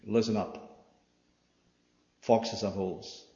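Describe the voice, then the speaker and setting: Preacher in an echoey hall. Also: male voice, lowish voice, slow pace. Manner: animated, swings from loud to hushed; plays out quoted voices, asks the room "yeah?". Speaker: pastor. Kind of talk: sermon. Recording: dull, echoey hall recording.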